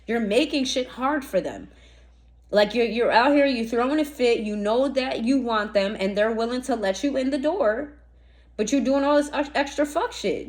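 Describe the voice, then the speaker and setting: Woman tarot reader, casual and profane, slightly high voice, fires rhetorical questions at the listener. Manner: blunt, profane, slangy and animated; talks straight to the listener, asking rhetorical questions.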